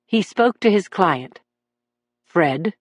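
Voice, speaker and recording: A woman narrating a crime thriller audiobook in a steady, even storytelling manner, read close to the mic. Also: on the low side, slow, dry recording. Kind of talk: scripted narration.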